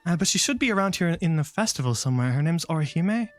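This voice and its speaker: A man voicing a shy young female rabbit shopkeeper who talks in a hesitant, polite, halting way. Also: fairly high pitch, lively intonation, soft background music, voice pushed up, close to an everyday voice. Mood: shy, helpful.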